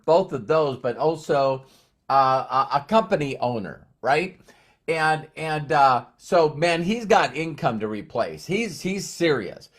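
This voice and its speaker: A man giving a motivational talk on a live stream, rambling with many restarts and repeated words, short on sleep. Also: medium pitch. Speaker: motivational speaker.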